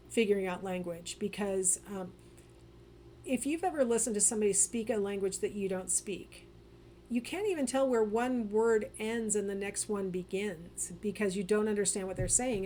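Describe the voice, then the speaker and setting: A woman's voice: medium pitch, dark tone, a little hiss or hum. A woman giving a casual recorded psychology lecture, chatty and full of fillers and restarts.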